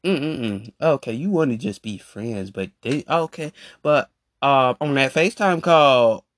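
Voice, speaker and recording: A man ranting casually in a voice message, animated and repetitive with slang. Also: mid-range voice, measured pace, slight background noise. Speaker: podcast host. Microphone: phone voice message.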